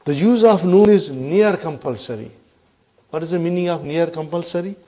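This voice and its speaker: A man teaching an Arabic grammar class, repeating example sentences slowly and often checking in with the students. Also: a little high, warm tone. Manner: checks in often with "huh?" and "are you with me".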